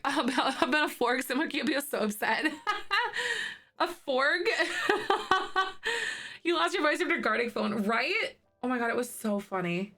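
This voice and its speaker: Bubbly, slightly hoarse woman streamer. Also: fairly high pitch, a bit bright. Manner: bubbly, chatty, giggly, rambling. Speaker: livestreamer. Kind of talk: casual chat with live viewers.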